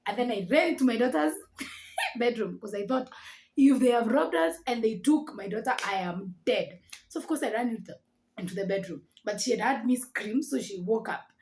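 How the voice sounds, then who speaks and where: A woman with a Kenyan accent, telling a story straight to camera. Her voice sits a little high, and she acts out every line of dialogue with a lot of life. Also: expressive, fairly quick, a little mellow. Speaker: vlogger.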